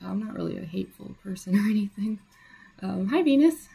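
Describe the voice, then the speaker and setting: A woman's voice: medium pitch, lively intonation, a little fast, vocal fry, mellow, slightly rough. A young woman streaming live as she draws, chatting casually with viewers, full of fillers and little laughs. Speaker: livestreaming artist. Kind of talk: casual livestream chat.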